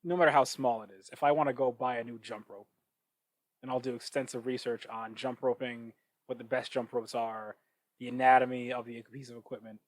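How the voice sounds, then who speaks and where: Man thinking out loud on a cheap mic. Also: mid-range voice, steady tone, brisk, no echo, poor audio. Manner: thinking out loud, with frequent restarts and asides. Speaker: podcast host. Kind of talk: casual reflective monologue. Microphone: cheap microphone. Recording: dry, close cheap-mic sound.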